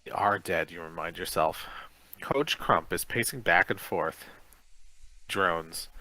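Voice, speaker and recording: A man's voice: sits low, slow pace, bright, forceful tone, low-quality recording. A male podcast co-host reading a children's gamebook aloud in a casual way, sometimes stumbling over words.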